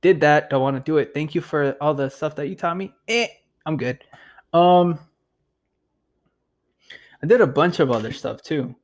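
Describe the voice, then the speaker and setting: A man's voice: a little high, animated, moderate pace, long pauses. A young man hosting a podcast, telling a rambling story in a loose, profane way, full of fillers and "dude". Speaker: podcast host. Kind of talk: casual storytelling.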